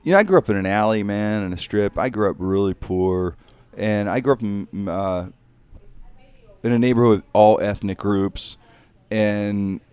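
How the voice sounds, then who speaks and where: A man's voice: lowish voice, normal speed, a little mellow, clear, resonant tone, no room sound. A man, a comedian, talking in a casual interview, rambling and reflective, often saying "man.".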